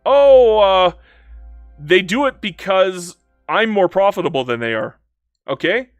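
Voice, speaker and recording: A man doing live commentary on a strategy game, playful and excitable, talking to in-game nations and reading chat aloud. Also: high-pitched, measured pace, no room sound, soft background music. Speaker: game streamer.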